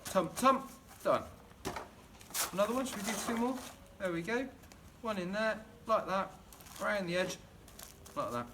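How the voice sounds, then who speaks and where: A man's voice: high-pitched, lively intonation, moderate pace, pauses often, background noise. A middle-aged man chatting and rambling enthusiastically while demonstrating gardening at home in his kitchen. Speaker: gardening vlogger.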